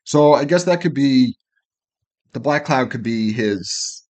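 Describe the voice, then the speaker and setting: A man's voice: mid-range voice, expressive, slow, a little mellow. A man co-hosting a reaction channel, breaking down song lyrics in a loose, chatty way and swearing freely. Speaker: co-host of a music reaction channel.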